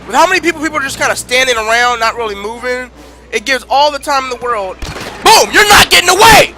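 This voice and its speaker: A high-pitched male streamer rants through a match, his voice dropping to grumbles and then jumping to shouts. Loud game music plays behind him. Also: quick pace. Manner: frustrated, ranting, swings from muttering to shouting. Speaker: gaming streamer. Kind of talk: live gameplay commentary.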